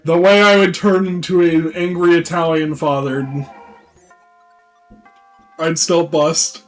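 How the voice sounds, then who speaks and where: High-voiced man rambling slowly on stream. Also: flat delivery, faint music behind, low-quality recording. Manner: laughing, crude, rambling. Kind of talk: casual livestream chat.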